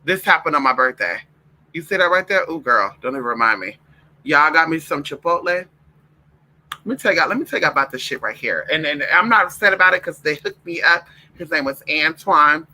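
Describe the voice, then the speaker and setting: A man's voice: fairly high pitch, pushed and bright, poor audio. A man talking straight to his viewers, telling stories in a sassy, profane way and calling them girl and y'all. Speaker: vlogger. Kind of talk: casual storytelling to viewers.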